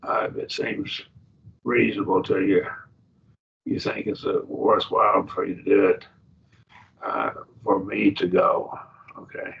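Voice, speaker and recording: A man's voice: low voice, flat delivery, a little slow, creaky, pauses often. A man teaching a Bible class, going through Greek words one by one and thinking aloud as he explains. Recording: dull lo-fi classroom recording with faint noise.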